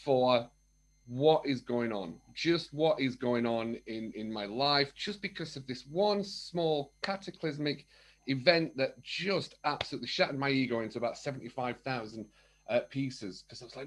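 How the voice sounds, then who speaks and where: A man's voice: mid-range voice, moderate pace. A man speaking as a podcast guest, telling his story openly and acting out remembered conversations in different voices. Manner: candid and animated, acts out remembered dialogue. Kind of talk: casual chat.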